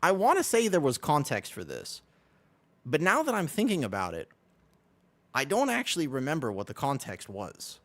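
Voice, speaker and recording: A man's voice: on the high side, normal speed. A young man streaming a video game, chatting casually and rambling to his viewers, laughing often. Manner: rambling, animated, laughs often, talks to chat. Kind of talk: casual livestream chat while gaming.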